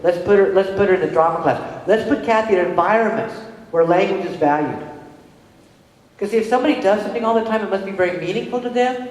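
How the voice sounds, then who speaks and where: A middle-aged woman and parent giving a conference presentation to an audience, telling stories conversationally and checking in with the room. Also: medium pitch. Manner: animated storytelling with quick restarts. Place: large hall with an audience. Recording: very echoey hall with long reverb.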